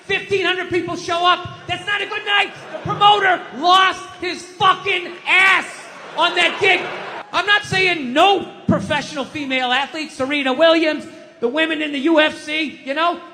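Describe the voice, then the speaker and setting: A man doing a stand-up comedy set, ranting with sarcastic mock voices and shouting. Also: extremely high pitch, slight background noise. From United States.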